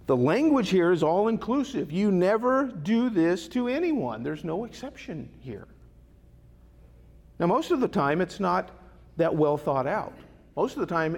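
A man with a slightly high, gravelly and husky voice preaches a Bible study. He talks conversationally and keeps checking in with rhetorical questions. The sound rings with a long hall reverb. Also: darkish tone. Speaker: pastor.

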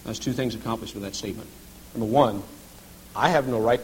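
A middle-aged man preaching a sermon as a pastor and chaplain, with dramatic swings between shouting and near whispers. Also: mid-range voice, fairly quick, long pauses, slight background noise, rough recording.

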